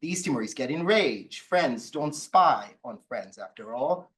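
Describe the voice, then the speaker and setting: A law professor giving an academic talk, telling stories with wry, playful asides. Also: male voice, medium pitch, a little slow, poor audio. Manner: lively storytelling with wry asides. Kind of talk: academic lecture.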